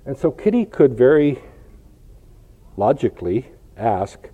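A man with a medium-pitched, expressive voice preaches a sermon in a conversational, storytelling manner, using illustrations and rhetorical questions and often checking in with "right?". He talks at a normal speed with long pauses, and the recording is dull and lo-fi.

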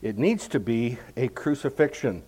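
A man giving verse-by-verse Bible teaching, explaining each passage in a measured way and stressing key words. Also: medium pitch, animated, darkish tone, breathy edge.

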